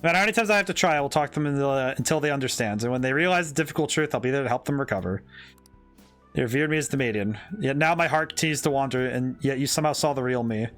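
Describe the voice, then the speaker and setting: A man reading aloud the lines of an earnest young female fortune teller from a game, in a calm and sincere tone. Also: medium pitch, very fast, soft background music, close to an everyday voice. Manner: reads the dialogue aloud in his own voice, calm and sincere.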